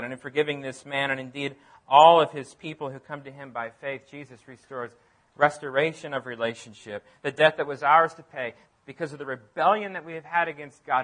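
A man delivering a sermon with a bright, forceful voice pitched a little above the usual male range. He preaches emphatically, repeating key phrases and dropping from loud declarations to hushed asides. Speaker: pastor.

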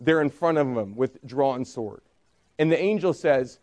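A man's voice: medium pitch, animated, measured pace, a little mellow. A man preaching a sermon, retelling a story with rhetorical questions and briefly acting out its speakers. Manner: storytelling with frequent rhetorical "right?"; acts out quoted voices in retelling. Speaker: pastor.

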